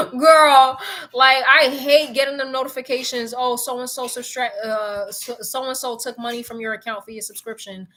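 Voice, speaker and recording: A young woman speaks with in a bright, tense voice that sits a bit high. She chats casually to her viewers. She rants in an animated, exasperated way and swears freely. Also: moderate pace. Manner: animated, profane and exasperated ranting. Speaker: vlogger.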